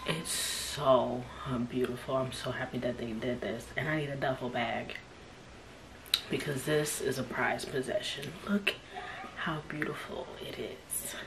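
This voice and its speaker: A woman with a low voice gushes over a new bag in an unboxing vlog, taking her time and slipping between soft speech and whispers. The home recording carries clear background noise throughout. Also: steady tone, a little slow. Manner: gushing, often dropping to a whisper. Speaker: unboxing vlogger. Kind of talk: excited unboxing chat. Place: room at home. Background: kids playing outside.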